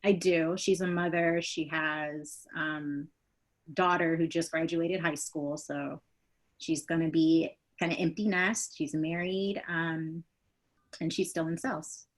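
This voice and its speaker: A woman with a slightly low-pitched voice answering a coach's questions in a webinar. She speaks casually and a bit hesitantly, pausing on fillers as she thinks. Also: fairly even intonation. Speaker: coaching student. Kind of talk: casual conversation.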